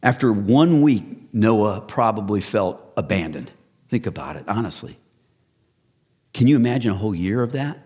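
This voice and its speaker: A husky, fairly low-voiced man in his fifties preaches a sermon. He builds up with emphatic rhetorical questions and then sinks to a quiet, intimate hush. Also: expressive, moderate pace. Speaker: pastor.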